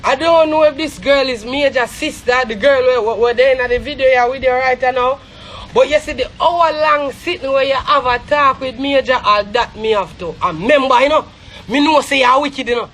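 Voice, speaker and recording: A woman's voice: sits high, fairly bright tone, a little hiss or hum. A Jamaican woman giving heated, scornful gossip commentary on a live stream. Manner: scornful, rapid, repetitive.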